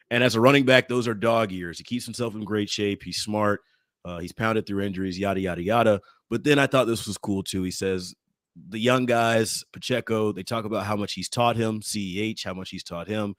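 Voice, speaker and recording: A man's voice: on the low side, no echo, studio quality. A man co-hosting a sports podcast, chatty and given to repeating his words. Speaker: podcast co-host. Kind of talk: casual sports podcast chat.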